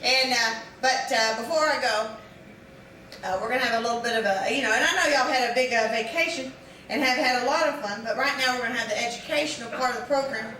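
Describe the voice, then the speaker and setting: A woman's voice: on the high side, fast talker, pushed and bright. A middle-aged woman from Texas with a Texas accent, doing a stand-up comedy routine with a ranting, incredulous delivery. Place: large room with a live audience. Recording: echoey room, distant mic, audience noise.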